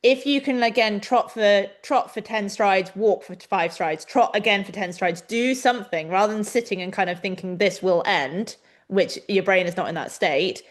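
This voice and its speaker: A young adult woman co-hosting a webinar, coaching riders in a chatty, animated way over a video call. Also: medium pitch, normal speed. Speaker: riding coach and webinar co-host. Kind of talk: casual instructional chat.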